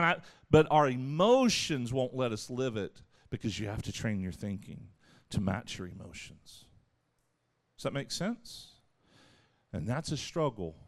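A man preaching a sermon in an animated way, acting out voices as he goes. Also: mid-range voice. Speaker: pastor.

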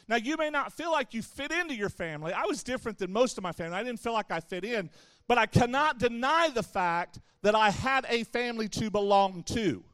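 High-voiced man preaching to young people. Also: a bit bright, clean tone, no echo. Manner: conversational preaching with playful asides to the audience. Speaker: youth pastor. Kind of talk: sermon.

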